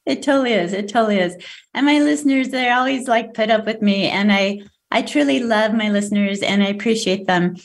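A woman's voice: medium pitch, brisk. Bubbly, enthusiastic woman podcast host. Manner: bubbly, enthusiastic, leads breathing exercises. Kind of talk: casual chat.

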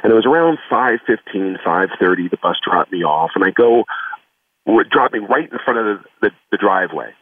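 A man's voice: fairly low pitch, lively intonation, fairly quick, dry recording, distant mic. Earnest man on a tinny phone line. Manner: earnest, reflective, lots of "you know". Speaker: guest, foundation founder. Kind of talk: personal storytelling in a phone interview.

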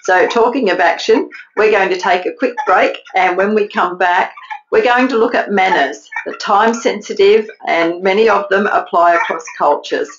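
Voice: mid-range voice, moderate pace, a bit bright, dull audio, a little hiss or hum. An interview host who affirms the guest and sums up her points before leading into a break. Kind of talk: interview conversation.

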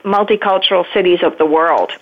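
A woman's voice: fairly low pitch, brisk. Woman on a tinny phone line. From Scotland. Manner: reflective, searching for words. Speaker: guest. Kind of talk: interview on a call-in show.

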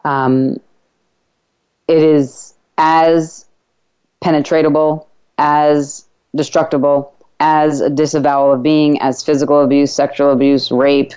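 Low-voiced woman hosting talk radio. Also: flat delivery, warm tone, clean tone. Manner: earnest, reflective, with halting restarts. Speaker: radio show host. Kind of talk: personal story on a talk radio show. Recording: slightly dull lo-fi radio audio.

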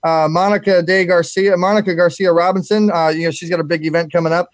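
Guy hosting a live radio talk show, high voice, rattles off shout-outs super quick, dry sound. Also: no room sound. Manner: fast, energetic, repeats words often.

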